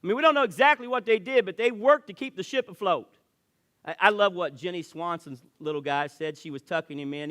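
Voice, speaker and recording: A male pastor preaching a sermon in church, swinging between loud emphasis and hushed, quiet lines, sometimes repeating words as he starts a thought. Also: fairly high pitch, clean tone.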